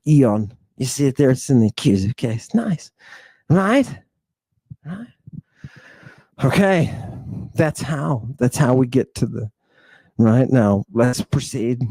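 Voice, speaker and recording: A man's voice: mid-range voice, mellow, no echo. A man giving an impassioned lecture on ancient texts. He talks emphatically, repeats his phrases and keeps checking with "right?".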